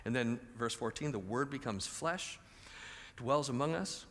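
A man's voice: mid-range voice, a little slow, a bit bright. A man preaching a conversational sermon and asking the audience questions. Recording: reverberant large hall.

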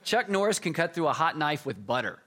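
A middle-aged man preaching a sermon, telling jokey stories and swinging between loud emphasis and quiet asides. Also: a little high, very animated, fairly quick, slight background noise. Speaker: pastor.

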